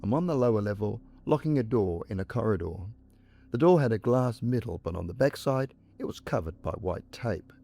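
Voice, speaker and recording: A man reading first-person ghost stories as scripted narration, measured and with dramatic pauses. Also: fairly low pitch, animated, gravelly, dark tone.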